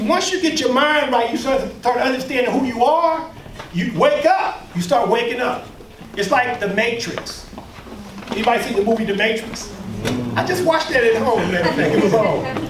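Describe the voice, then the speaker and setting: Emphatic male speaker with a very high voice, preacher-like cadence, heard from far off in an echoey room. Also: animated, normal speed, a little hiss or hum. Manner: emphatic, preacher-like, with call-and-response and mocking asides. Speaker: workshop leader and speaker. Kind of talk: lecture to a live audience.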